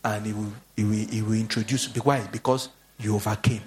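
A man preaches a sermon at a brisk pace, telling stories animatedly and acting out the people he quotes in a high-pitched voice. A little hiss or hum is audible.

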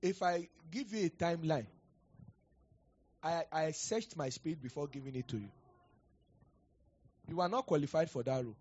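Male pastor, husky and slightly high, preaching with lively storytelling and loud declarations. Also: moderate pace, long pauses, muffled recording. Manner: animated, acts out dialogue, rising to loud declarations. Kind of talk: sermon with prophecy and storytelling.

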